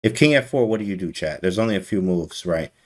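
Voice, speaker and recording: Male chess streamer, low-ish, animated and teasing. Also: quick pace. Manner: animated, teasing, talks to chat. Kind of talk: casual live-stream chess commentary.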